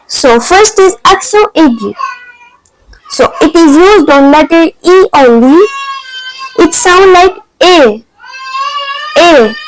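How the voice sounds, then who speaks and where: A woman's voice: very high-pitched, rough recording. A woman teaching an online French lesson, explaining patiently step by step in non-native English phrasing.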